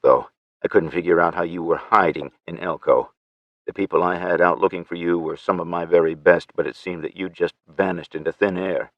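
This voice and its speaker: An audiobook narrator reads scripted first-person narration in a deep, low male voice, measured and steady. The recording is very dry with no echo and no sense of room, and it sounds slightly dull and lo-fi.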